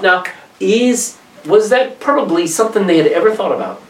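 A man preaching a sermon, reading scripture aloud and explaining it with lively asides. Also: sits high, moderate pace, echoey room, far from the mic, low-quality recording.

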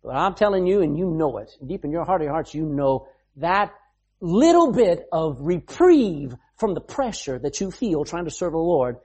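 A man's voice: on the high side, very animated, moderate pace, darkish tone, slightly rough. A man preaching a sermon as pastor, emphatic, reading scripture aloud and explaining it.

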